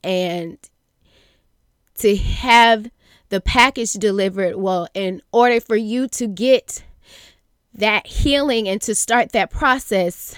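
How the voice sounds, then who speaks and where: A young woman hosting a faith podcast, speaking earnestly and haltingly with many fillers and restarts. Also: mid-range voice, smooth, no echo, clean studio sound. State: near tears at times. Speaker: podcast host. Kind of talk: reflective faith podcast monologue.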